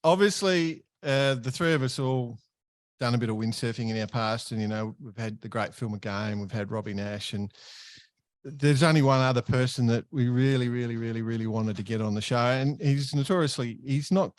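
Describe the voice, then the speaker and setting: Aussie bloke hosting a podcast, keen and laughy, dry close recording. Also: male voice, medium pitch, normal speed, no echo. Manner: enthusiastic, laughs a lot, introduces the guest. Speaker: podcast co-host. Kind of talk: casual chat.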